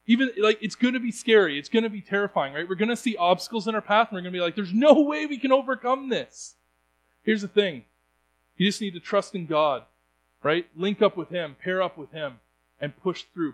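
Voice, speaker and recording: An earnest young man delivers a sermon in a fairly high voice. He talks plainly to his listeners and often trips over his words and starts his sentences again. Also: brisk, poor audio. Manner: earnest, stumbling restarts. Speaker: preacher.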